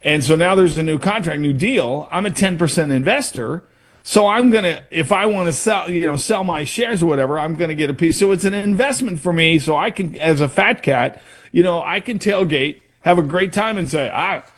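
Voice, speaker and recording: A man talks through sports business on a casual show, circling back and restarting as he explains. His voice sits a bit high for a man. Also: moderate pace. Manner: rambling, restarts and explains with examples. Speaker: sports talk host.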